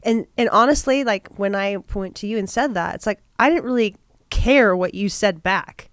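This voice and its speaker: A woman's voice: medium pitch, moderate pace, clean tone, no echo. Frank, plain-spoken woman co-host. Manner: frank, profane, self-accountable. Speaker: podcast co-host. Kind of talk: candid casual chat.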